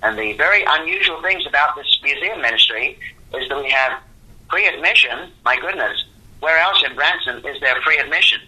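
Very bright husky older man. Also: on the high side, lively intonation, moderate pace, low-quality recording. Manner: earnest, devout, rambling with restarts. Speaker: founder of a creation museum ministry. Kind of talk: interview answers.

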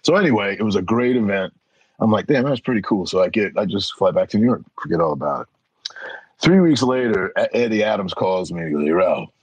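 Middle-aged man, interview guest, low husky voice, dry close sound, lively storyteller. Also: brisk, no room sound, lo-fi sound. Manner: animated, acts out voices in anecdotes. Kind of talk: casual storytelling.

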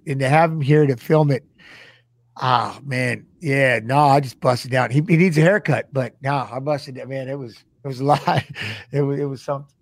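A middle-aged man telling an emotional story, halting and repeating himself, close to tears. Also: medium pitch, darkish tone, no echo. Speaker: former fighter and guest.

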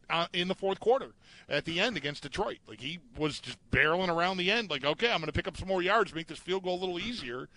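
A man's voice: high-pitched, sharp tone. A man co-hosting a sports talk show, chatting casually, often restarting and trailing off as he acts out what players might say. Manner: hesitant, trailing off, acts out quotes. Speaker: sports podcast co-host.

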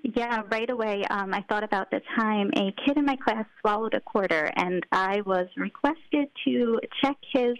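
A woman's voice: mid-range voice, normal speed, no echo, poor audio. A woman calling in to a radio show, a former teacher from upstate New York, candid and self-deprecating. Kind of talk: radio call-in.

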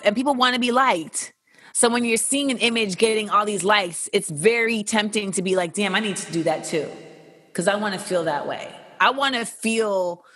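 A woman's voice: mid-range voice, fairly bright tone, no echo, studio quality. A young woman hosting a casual chat and answering listener questions in a blunt, candid, sometimes profane way. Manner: blunt, candid and profane, with playful voices for quotes.

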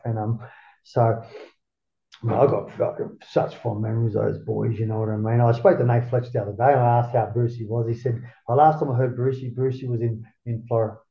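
A middle-aged Australian man telling a rambling, profane story in casual chat and acting out what people said. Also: lowish voice. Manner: rambling, profane, acts out quotes. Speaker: guest, former surfer. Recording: roomy, dull lo-fi sound.

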